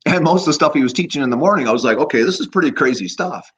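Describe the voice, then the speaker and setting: A man in his fifties, a chiropractor guest, telling casual stories in an animated way with frequent laughs. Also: fairly high pitch, rapid-fire, husky. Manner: animated anecdotes, laughs often, acts out voices. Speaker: guest, chiropractor and energy healer. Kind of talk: casual storytelling. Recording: slightly muffled lo-fi audio.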